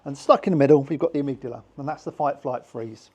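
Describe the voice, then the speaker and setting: Over dull audio, a man with a husky, mid-range voice talks fast in a British accent. He teaches hypnosis to a small group informally, voicing little characters in his examples.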